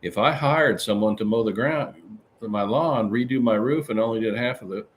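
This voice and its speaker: A man hosts a live-stream podcast at a moderate pace, with slight background noise. He chats casually and rambles while reading out viewer comments, his pitch swinging animatedly.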